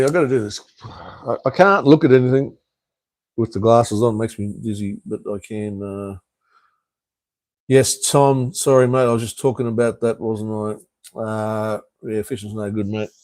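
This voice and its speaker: A man's voice: fairly low pitch, darkish tone, dry recording. Laid-back Australian man, dry close sound. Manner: laid-back, swears freely, calls viewers mate and brother. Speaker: live-stream host. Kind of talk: casual live-stream chat answering viewer comments. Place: home in Cambodia.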